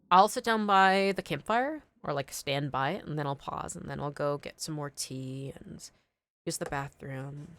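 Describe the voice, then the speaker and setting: A woman's voice: sits low, fairly bright tone. A young woman streaming a video game, chatting casually, thinking aloud and answering her chat. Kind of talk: casual gameplay commentary.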